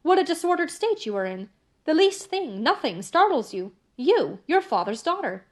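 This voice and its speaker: A woman voicing a kind, composed elderly father who speaks in a calm, soothing way in an audiobook. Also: sits high, moderate pace, pitched above the performer's own voice.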